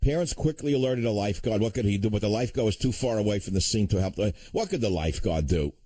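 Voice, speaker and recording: A man's voice: lowish voice, fast, warm tone, no echo. Indignant older male radio host. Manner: indignant, sarcastic, swings between outrage and somber. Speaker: radio talk show host. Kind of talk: talk radio monologue. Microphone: studio microphone.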